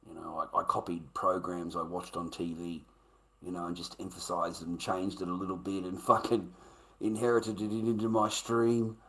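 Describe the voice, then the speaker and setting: With poor audio, a middle-aged livestreamer with an Australian accent delivers a casual storytelling rant. He speaks in a low, pushed, bright voice, swearing, rambling, and laughing along the way.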